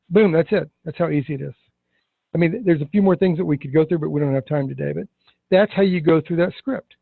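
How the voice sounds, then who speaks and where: A man teaching insurance agents in a sales training session, stressing key words and slowing down for effect. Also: fairly high pitch, creaky, no room sound, narrow, tinny audio. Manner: emphatic, slows down to stress words.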